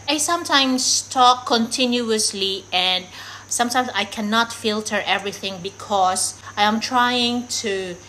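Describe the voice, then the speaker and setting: A woman's voice: mid-range voice, sharp tone, slight background noise, rough recording. A woman from the Philippines with a Filipino accent mixed with American, British and Australian traces, a vlogger talking candidly and rambling, laughing often. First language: Tagalog. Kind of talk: casual talk to camera.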